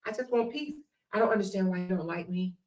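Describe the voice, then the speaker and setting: A woman mocking a male panelist who swings from whiny, soft pleading to screaming, profane rage. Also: mid-range voice, fast talker, voice pushed down, close to an everyday voice. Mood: meek pleading.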